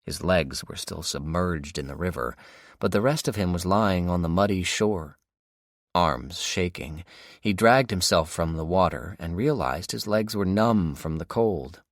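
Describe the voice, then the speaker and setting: A man narrating a zombie survival audiobook in a steady, measured way. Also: sits low, no room sound, clean studio sound. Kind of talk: scripted narration.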